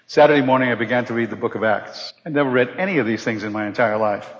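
A middle-aged man telling a personal testimony to a live audience, animated and acting out the voices of the people in his story. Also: fairly low pitch, quick pace. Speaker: speaker giving a personal testimony. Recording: dull recording in a large reverberant hall.

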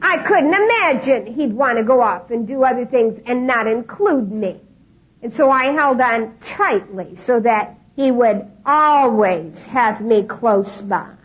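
High-voiced woman telling a personal story. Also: a little slow, husky. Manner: acts out dialogue in lively voices, laughs often. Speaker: speaker. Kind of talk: storytelling talk to an audience. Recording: dull lo-fi recording with faint noise.

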